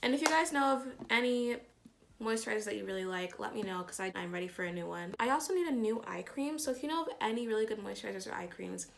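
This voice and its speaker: A woman's voice: mid-range voice, quick pace, creaky, a little hiss or hum. A young woman vlogger chatting casually through her morning makeup routine, her voice groggy from just waking up. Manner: chatty, rambling, relaxed. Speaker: beauty vlogger. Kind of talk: casual get-ready-with-me chat.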